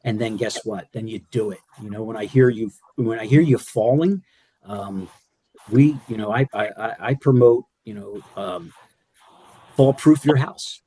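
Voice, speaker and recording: A man's voice: lowish voice, measured pace, mellow, breathy edge. An older man speaking on a panel as a former care partner, rambling with many fillers and restarts. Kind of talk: panel discussion.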